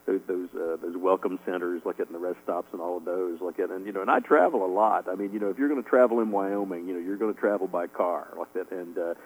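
Talking fast with hardly a pause, a middle-aged man answers radio interview questions about his writing in a low voice with fairly even intonation. He rambles, leans on fillers, and chuckles a lot in this casual exchange. The audio is poor.

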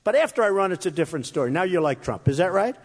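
Male candidate, rambling rally speech, boastful and repetitive, lively swooping delivery, reverberant hall. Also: high-pitched, racing. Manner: boastful, rambling, repeats phrases; mocks his critics in quoted voices. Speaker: political candidate addressing a rally. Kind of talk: off-the-cuff campaign speech. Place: hot crowded room with an audience. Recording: echoey hall, faint crowd.

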